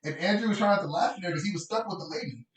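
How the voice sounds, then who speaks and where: A man telling a story at a fast clip, swearing freely and getting louder as he goes. His voice sits a little high and sounds set back from the mic in an echoey room. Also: distant mic. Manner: animated, profane, rising pitch when worked up. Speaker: podcast co-host. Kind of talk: casual storytelling chat.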